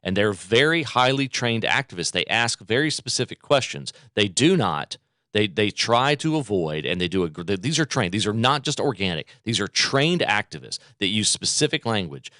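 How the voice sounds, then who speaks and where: Male talk radio host, punchy and repetitive delivery, low-ish voice on a bright, dry close mic. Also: big pitch swings, normal speed, no echo. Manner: emphatic, repeats phrases for effect. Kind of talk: political talk radio monologue.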